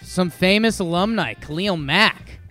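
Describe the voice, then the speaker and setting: Man, sports podcast co-host, higher pitch, rambling and joking, faint music behind. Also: unhurried, bright, forceful tone. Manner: rambling, joking, many restarts. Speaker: podcast co-host making betting picks. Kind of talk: casual sports chat.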